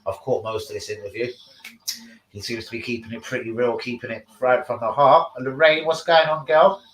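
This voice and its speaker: A man hosting a casual live stream, sweary and excitable, talking to his chat about football. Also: mid-range voice, moderate pace, echoey room, poor audio.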